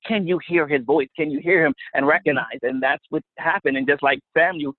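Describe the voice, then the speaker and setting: A man with a fairly high voice tells his faith story in an earnest, storytelling way, repeating words and laughing softly now and then. The sound is thin and phone-like, with no room around it. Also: brisk, no room sound. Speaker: guest minister. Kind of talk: testimony in a faith interview. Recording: phone-line sound, dry.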